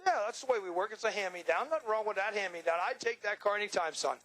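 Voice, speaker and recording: A man's voice: high-pitched, expressive, fast, fairly bright tone, rough recording. A man announcing and interviewing racers in a drag strip winner's circle, joking and bantering with brash energy. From Long Island, New York. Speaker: track announcer.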